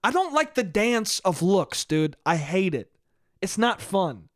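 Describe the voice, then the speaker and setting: A man hosts his own podcast alone and tells a story in a loose, profane, self-mocking way, saying "dude" again and again. His voice sits high for a man. The sound is dry and close, with no room echo. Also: sing-song, a little slow. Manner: profane, self-deprecating, says "dude" a lot. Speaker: podcast host. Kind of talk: casual solo storytelling monologue.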